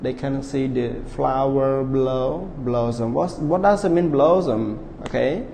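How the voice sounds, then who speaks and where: Gravelly male teacher in an echoing room. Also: medium pitch, dark tone. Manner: spells words letter by letter, keeps checking with the class; calls himself teacher, repeats words slowly. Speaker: English teacher. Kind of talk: online class lesson. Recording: reverberant room with faint background hiss.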